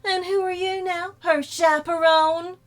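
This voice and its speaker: A woman's voice: medium pitch, big pitch swings, moderate pace, a bit bright, soft background music, voice pushed down. A woman voicing a brash, feisty southern woman photographer with an exaggerated drawl, reading game dialogue aloud.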